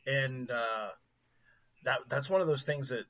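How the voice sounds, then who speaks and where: A man chatting casually as a podcast co-host, rambling with halting restarts and frequent laughter. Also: medium pitch, fairly bright tone, muffled recording. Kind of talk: casual chat about comedy films.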